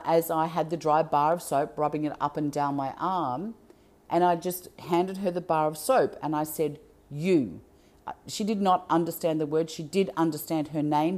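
A woman telling a personal story out loud in an earnest, emphatic and heartfelt way. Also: low voice.

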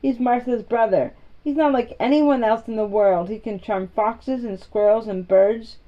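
A woman's voice: fairly high pitch, steady tone, normal speed, highs cut off, lightly acted. A woman voicing a frank, contrary young girl who speaks plainly and earnestly, in a storybook reading.

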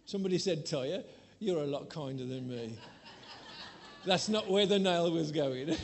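Man, preacher, high voice, sermon, candid personal storytelling, self-mocking, swings between soft and loud. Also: animated, a little slow, slight background noise.

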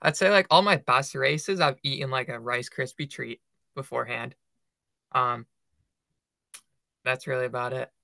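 A man's voice: medium pitch, fairly even intonation, moderate pace, creaky, pauses often, pushed and bright, dry recording. A young man co-hosting a running podcast, chatting casually and filling his talk with "like". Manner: filler-heavy, lots of "like". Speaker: podcast co-host. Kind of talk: casual chat.

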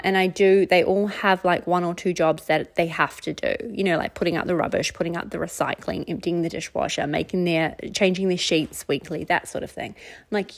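A middle-aged woman from New Zealand hosting a casual solo podcast, talking candidly and conversationally with repeated phrases and self-mocking laughs. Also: fairly low pitch. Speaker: podcast host.

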